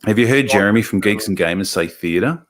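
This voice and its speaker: A man's voice: lowish voice, fast. A man with an Australian accent hosting a casual livestream, reading out viewer comments and rambling with plenty of swearing and restarts. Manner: rambling, swears freely, many restarts and fillers. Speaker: livestream host.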